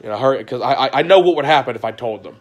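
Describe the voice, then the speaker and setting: A man in an ordinary middle pitch speaks straight to his audience in a confessional monologue. His voice jumps from loud outbursts to hushed, low passages. He keeps restarting his sentences and swears bluntly while he recounts what happened. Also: expressive, very fast. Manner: agitated storytelling, voice rising and falling sharply; frequent restarts and profanity. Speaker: vlogger.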